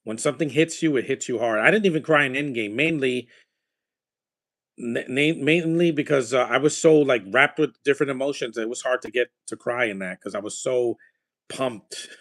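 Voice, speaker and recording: Here a man reacts to a movie he's watching, rambling casually and eagerly about films and their music. The voice is medium in pitch and a bit bright, delivered at a moderate pace.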